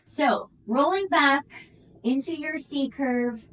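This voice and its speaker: A woman's voice: high-pitched, measured pace, recorded from a distance, rough recording. A woman leading a pilates workout, encouraging and counting reps aloud, a bit out of breath. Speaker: pilates instructor. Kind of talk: guided workout instruction.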